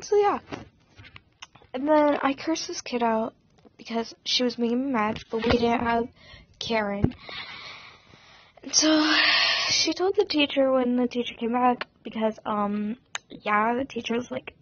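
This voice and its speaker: A woman's voice: a little high, unhurried, pauses often, muffled recording. A teenage girl rambling through a dramatic storytime vlog, full of fillers and acted-out quotes. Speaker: vlogger.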